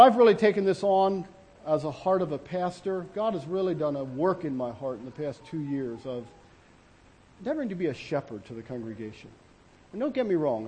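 A man preaching as a pastor in an earnest, halting way, with many restarts and fillers. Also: on the high side, a little mellow, breathy edge. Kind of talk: sermon.

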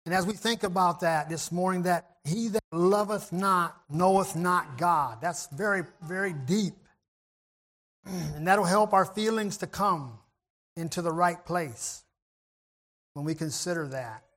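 Man, high voice, gentle sermon delivery, reflective, frequent throat clearing. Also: unhurried, long pauses. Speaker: preacher.

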